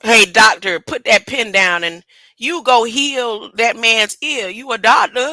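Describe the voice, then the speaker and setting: Woman doing a soft forgiving savior, tender, pleading, bright and dry. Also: on the high side, animated, takes it slowly, dry recording, full character voice, rough recording. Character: gentle forgiving male savior, weary before death.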